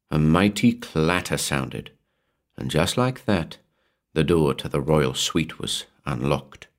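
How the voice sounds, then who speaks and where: A man reading a horror story aloud in a measured, atmospheric storytelling manner. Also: very deep voice, animated. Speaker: narrator. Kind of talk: scripted horror narration.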